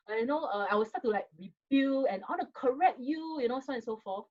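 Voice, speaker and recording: A woman's voice: fairly high pitch, expressive, a little fast, darkish tone. A woman with a Singaporean accent giving a parenting talk over a video call, conversational and full of fillers, speaking directly to her audience. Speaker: webinar speaker. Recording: dull lo-fi video call audio.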